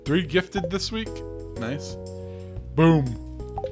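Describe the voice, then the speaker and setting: A man's voice: fairly high pitch, lively intonation, drawn-out words, darkish tone, soft background music. A man giving casual gameplay commentary as host, full of joking, sarcastic asides, recorded at home. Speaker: let's play host.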